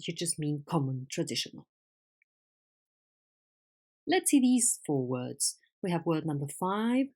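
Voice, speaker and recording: Low-pitched and a little mellow, a Spanish-speaking woman leads an English vocabulary class with patience and clarity. She asks questions and then confirms the responses.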